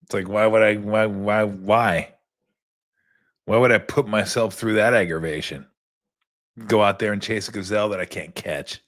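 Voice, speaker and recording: A middle-aged man hosting a radio show, telling rambling comic stories and acting out quick asides in other voices. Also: fairly low pitch, fairly even intonation, a bit bright. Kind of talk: casual comic monologue.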